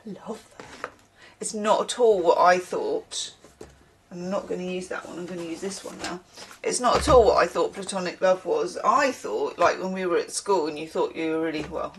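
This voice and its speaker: A woman's voice: on the low side, creaky, slight background noise. A tired woman giving a casual tarot reading, chatty and digressive, with the odd casual swear word. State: tired from little sleep. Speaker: tarot reader.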